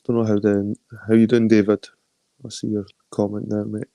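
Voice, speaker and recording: A middle-aged man with an Edinburgh Scottish accent rambles through a casual phone live stream, swearing freely and greeting viewers as they join. His voice sits fairly low, and the sound is dry and close with almost no room in it. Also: completely flat delivery, moderate pace, gravelly, mellow, no room sound. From Scotland. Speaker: livestream host.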